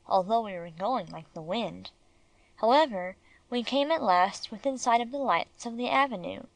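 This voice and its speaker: A woman reading a children's classic as an audiobook narrator in measured storytelling. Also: on the high side, no room sound, poor audio. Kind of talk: scripted narration.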